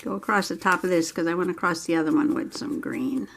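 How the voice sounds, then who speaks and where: A woman's voice: fairly low pitch, fast talker, vocal fry, a little hiss or hum. A woman vlogger chatting casually to herself and viewers as she works on a craft project at home. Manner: chatty, thinking aloud while working.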